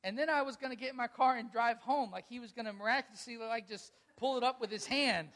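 Man, high-pitched voice, pastor, sermon, animated storytelling, earnest direct appeals. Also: quick pace. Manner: animated storytelling, acting out quoted dialogue.

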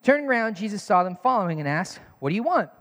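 A man's voice: high voice, fast talker, in a large hall. A man preaching a sermon as pastor, telling stories and acting out quotes. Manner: animated storytelling, acts out quotes.

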